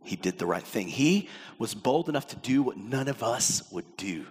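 A man's voice: medium pitch, lively intonation, normal speed, husky. A man preaching a sermon as pastor, acting out the voices in the passages he quotes. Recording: long hall reverb.

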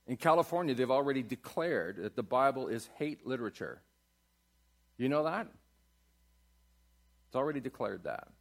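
A man preaching a sermon in a church, asking his congregation questions and building to loud climaxes. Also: medium pitch, lively intonation, moderate pace, long pauses. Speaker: pastor. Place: church sanctuary.

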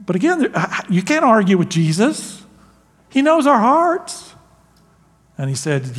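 A man preaching a sermon as pastor, animated and laughing, acting out quotes. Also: high-pitched, measured pace, long pauses, husky, in a large hall, soft background music.

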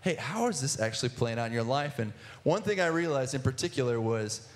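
A man's voice: mid-range voice, lively intonation, brisk. A young man in his twenties telling his personal testimony in church, earnest, with many restarts and filler words. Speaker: guest speaker sharing testimony.

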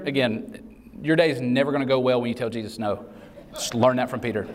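A man preaching a sermon in a relaxed, conversational way, mixing casual asides with acted-out quotes. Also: mid-range voice, fairly quick. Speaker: pastor. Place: large hall. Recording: reverberant hall sound.

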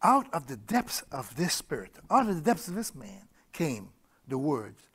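A man's voice: fairly high pitch, sing-song, a little slow, fairly bright tone, slightly rough. A middle-aged man preaching a personal testimony, telling his story with laughter, repeated words and sudden bursts of energy. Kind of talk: testimony sermon.

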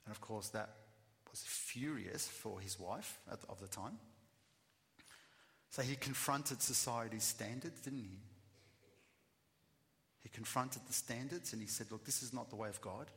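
A man giving a sermon, emphatic, swinging between loud bursts and quiet asides. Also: mid-range voice, unhurried, vocal fry, pauses often, a little hiss or hum. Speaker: preacher. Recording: long reverb of a hall.

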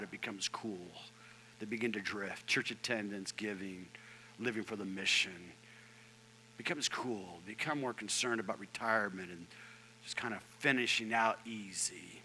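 A man in his fifties, a pastor preaching a storytelling sermon, animated and joking with the congregation, dropping from loud outbursts to hushed near-whispers. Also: medium pitch, slight background noise, rough recording. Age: 50s. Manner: jokey asides to the congregation.

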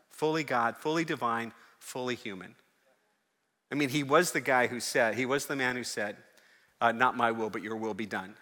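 A man preaching a sermon as a pastor, moving from chatty asides to loud, fervent exhortation. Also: medium pitch, big-room sound. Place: church.

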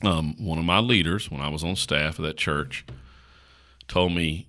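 Deep-voiced man with a Southern drawl. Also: sharp tone. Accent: rural North Carolina Southern. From North Carolina, USA. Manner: slow country drawl, conversational, often asks "right?". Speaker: pastor. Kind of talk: casual podcast chat.

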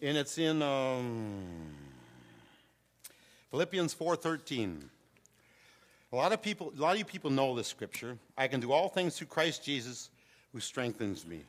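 A man's voice: medium pitch, big pitch swings, a little slow, pauses often. An older man preaching a sermon to a congregation, calling out to them with rising fervor. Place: church hall with congregation. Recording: long hall reverb.

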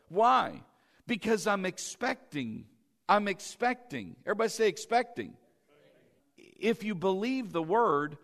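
Man, preacher, high voice, bright tone, fervent, soft to shouting. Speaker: pastor. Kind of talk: sermon.

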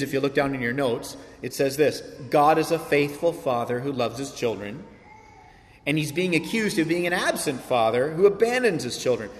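A man in his thirties preaches with earnest conviction, raising his somewhat high voice to emphatic peaks and posing rhetorical questions to his congregation. His words ring out with a long reverb that fills a large hall. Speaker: pastor. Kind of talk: sermon.

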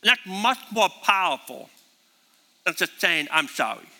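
A man with a high, very bright and piercing voice preaches with emphasis, hammering home his points by repeating them. His words ring out with a long reverb, as in a big church hall. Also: animated, unhurried. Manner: emphatic, repeats key phrases. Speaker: pastor. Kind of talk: sermon.

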